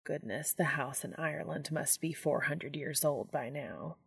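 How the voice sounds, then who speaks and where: Ancient male angel, voiced by a woman, low soft voice, unhurried, gently amused, audiobook reading. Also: creaky, husky, dry recording, clean studio sound, exaggerated voice. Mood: calm. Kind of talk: audiobook fan fiction reading.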